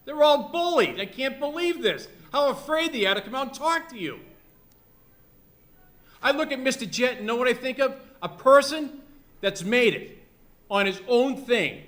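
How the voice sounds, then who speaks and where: A man's voice: very high-pitched, big pitch swings, normal speed, fairly bright tone. A man giving an impassioned, repetitive public comment at a town meeting, scolding and patriotic.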